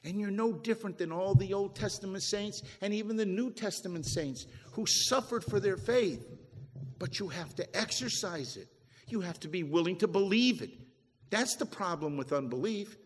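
A man's voice: sits high, lively intonation, normal speed. A man preaching a sermon, swelling and dropping his voice for emphasis as he quotes scripture. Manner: preaching with rising and falling emphasis, quoting scripture. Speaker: pastor. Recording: echoey hall with long reverb.

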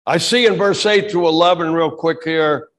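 A middle-aged male pastor preaching a sermon with fervor, dropping low and then shouting. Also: moderate pace. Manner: fervent preaching that swings from quiet to shouting.

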